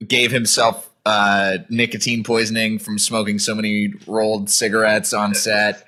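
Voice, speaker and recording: A man hosting a casual film review podcast. His voice sits lowish with a bright edge. He talks in a measured way, thinking aloud with small pauses and hedges. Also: little pitch movement. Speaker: podcast host.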